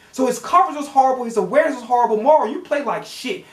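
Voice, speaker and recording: A man's voice: very high voice, fast talker, few pauses, echoey room. Man ranting heatedly about football. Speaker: sports reaction channel host. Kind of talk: profane fan rant.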